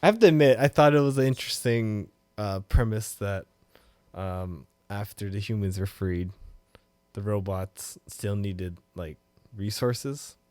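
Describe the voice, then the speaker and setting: This man co-hosts a podcast, speaking at a measured pace in a voice on the low side, with no room sound. The chat is casual and lively, peppered with swearing and loud bursts of laughter.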